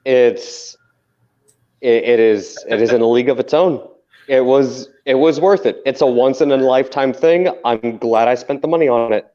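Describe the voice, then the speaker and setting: A man's voice: medium pitch, normal speed, warm tone. A man in casual podcast banter who talks insistently and swears freely. His voice sits mid-range. The sound is muffled and lo-fi. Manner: profane, emphatic, insistent. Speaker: podcast co-host. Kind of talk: casual chat. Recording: dull lo-fi sound.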